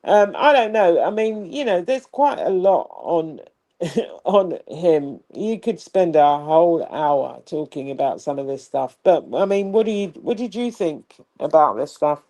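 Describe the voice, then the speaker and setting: Female co-host, rambling political chat, gravelly fry, dry close sound. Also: on the low side, expressive, measured pace, mellow, no room sound. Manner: chatty, restarts and filler, laughs easily. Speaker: co-host of a political talk show. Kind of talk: casual political commentary.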